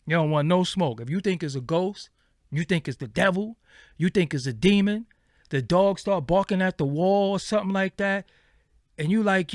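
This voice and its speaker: A man hosting a livestream, ranting casually in animated, profane street slang. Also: high voice, normal speed, pauses often, no room sound, studio quality. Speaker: livestream host.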